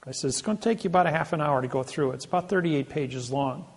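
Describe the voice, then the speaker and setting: Man, slightly high, gravelly voice; boastful storyteller, emphatic, stumbles and restarts often. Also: quick pace. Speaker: speaker answering an audience.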